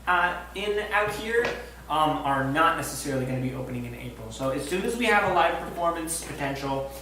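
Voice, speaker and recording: A man hosting a band's livestream in a relaxed, chatty way, laughing often. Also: a little high, brisk, a little hiss or hum. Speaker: band member hosting a livestream. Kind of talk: casual livestream chat. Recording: echoey room, mic at a distance.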